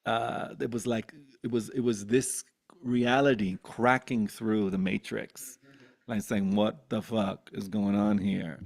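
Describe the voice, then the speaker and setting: A man in his thirties shares his personal story in an open, heartfelt way. His voice has a gravelly, fry-tinged texture. He talks with animated feeling, swears freely and keeps restarting his sentences. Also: fairly low pitch. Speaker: guest sharing his life story.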